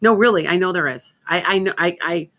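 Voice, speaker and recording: A woman's voice: on the low side, brisk, a bit bright. A woman hosting a psychic radio show in casual, rambling chat, often restarting her sentences. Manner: chatty, rambling, self-interrupting.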